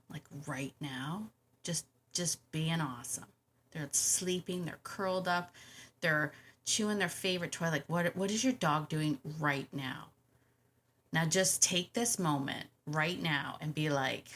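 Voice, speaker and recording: A woman hosts a podcast alone, talking in a loose, chatty way. Her voice sits a little low but rings bright and forceful. She repeats phrases and laughs easily between thoughts. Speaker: podcast host. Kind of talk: casual podcast monologue.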